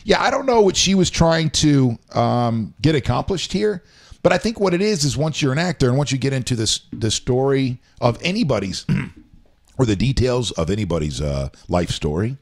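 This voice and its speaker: A man's voice: mid-range voice, big pitch swings, normal speed. A man co-hosting a casual talk show, rambling and reading news items aloud with his own asides. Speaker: show co-host. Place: home.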